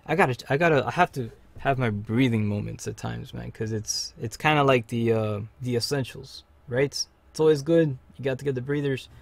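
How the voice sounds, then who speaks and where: A man hosting a live gameplay stream, chatting in slang and cheering on his teammates with loud bursts of excitement. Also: mid-range voice, brisk, creaky, hardly any pauses, no echo. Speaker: livestream host. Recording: faint game music behind.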